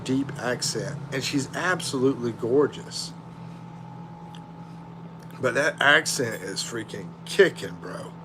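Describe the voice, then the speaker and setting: Livestream host, middle-aged man, drawling and unhurried; loose, rambling chat, noisy street background. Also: mid-range voice. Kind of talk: casual livestream chat reading viewer comments.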